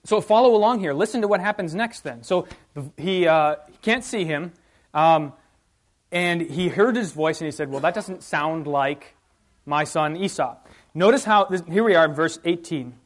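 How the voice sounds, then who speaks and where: A man leading an interactive Bible class, talking in a fairly high voice for a man. He reads passages out with emphasis and keeps turning to the group with questions, in an easygoing, conversational way. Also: expressive, normal speed. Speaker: Bible study teacher.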